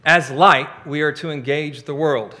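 A pastor delivers his sermon in a bright, forceful tone. His voice sits a touch above the usual for a man. He drives each point home with emphatic, rising stresses. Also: fairly high pitch, steady tone, measured pace.

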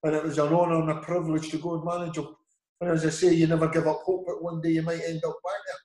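A man's voice: a little high, level tone, quick pace, a little mellow. A middle-aged Scottish man with an Edinburgh accent, speaking in a slightly raised voice. He rambles through casual stories and slips into the voices of the people he quotes. The recording has an echoey room sound. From Scotland. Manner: rambling storyteller acting out quoted dialogue. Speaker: football manager, guest. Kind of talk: casual interview anecdotes.

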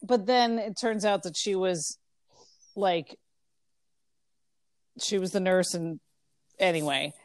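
A woman's voice: fairly low pitch, takes it slowly, pauses often, dry recording, clean studio sound. A woman co-hosting a podcast, talking in a rambling, casual way with plenty of fillers. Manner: rambling, filler-heavy, chatty. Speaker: podcast co-host. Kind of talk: casual chat.

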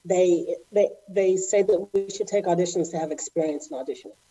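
A middle-aged woman from Houston, a former ballerina telling her story as an interview guest, animated and acting out the voices of people she quotes. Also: lowish voice, fairly quick, slightly rough, lo-fi sound. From Houston, Texas.

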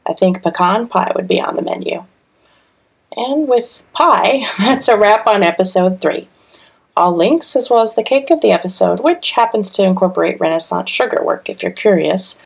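A woman's voice: mid-range voice, gravelly, darkish tone. A woman podcast host reading a friendly, lightly self-deprecating outro.

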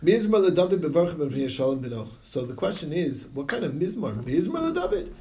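Animated man teaching a text. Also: a little high, brisk, slight background noise. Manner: reads Hebrew and Aramaic text aloud then explains it in English, animated. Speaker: Talmud study teacher. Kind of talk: Talmud study class, reading and translating.

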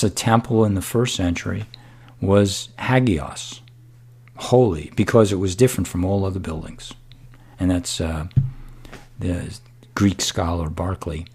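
Deep-voiced man preaching a sermon. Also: a little mellow, breathy edge. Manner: unhurried, emphatic, drops to a whisper for stress.

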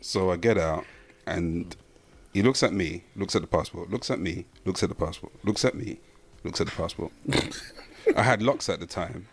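Deep-voiced man telling a dry story. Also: moderate pace, gravelly, breathy edge. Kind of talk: casual anecdote.

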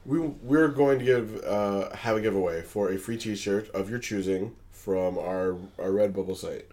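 A man with a somewhat low voice chats casually as a podcast co-host. He jokes easily and fumbles a little, talking in hesitant, rambling stretches. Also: measured pace, darkish tone. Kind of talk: casual chat.

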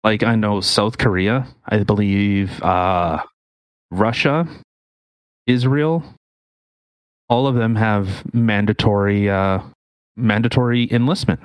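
A man's voice: fairly low pitch, slow, long pauses, clear, resonant tone, dry recording. A man co-hosting a casual podcast, explaining news articles in an opinionated way. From Canada. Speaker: podcast co-host.

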